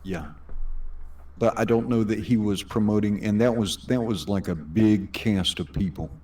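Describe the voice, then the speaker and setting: A man's voice: fairly low pitch, normal speed, warm tone, recorded from a distance. A man co-hosting a casual stream, enthusiastic and promotional, often restarting his sentences. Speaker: stream co-host reading chat.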